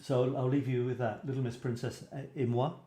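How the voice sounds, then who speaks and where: A man's voice: mid-range voice, level tone, brisk, mellow. A British man hosting a casual photography show, rambling with self-deprecating asides. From Britain. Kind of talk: casual livestream chat. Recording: echoey room.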